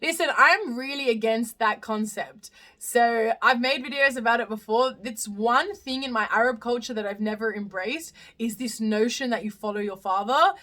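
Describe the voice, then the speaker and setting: A woman's voice: fairly high pitch, moderate pace, hardly any pauses, a bit bright. A young woman from Australia hosting a casual live stream, chatting through viewer comments with lots of fillers and restarts. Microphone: phone live stream.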